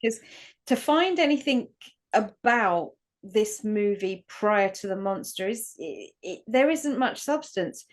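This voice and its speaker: A woman's voice: mid-range voice, expressive, takes it slowly. A woman co-hosting a podcast, chatty and easygoing in casual conversation. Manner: chatty, easygoing, full of fillers. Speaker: podcast co-host. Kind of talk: casual chat.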